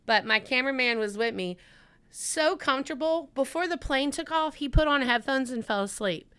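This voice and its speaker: Woman guest from Mississippi, chatty storyteller, smooth bright tone, podcast chat. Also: sits high, animated, moderate pace. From Mississippi, USA. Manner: chatty storyteller who acts out her own quotes.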